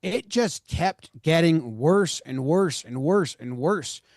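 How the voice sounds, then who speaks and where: A man's voice: a little high, lively intonation, slow pace, a little mellow, no echo, studio quality. Fired-up man ranting on a podcast. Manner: fired-up, exasperated, swears. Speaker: podcast co-host. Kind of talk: casual sports podcast chat.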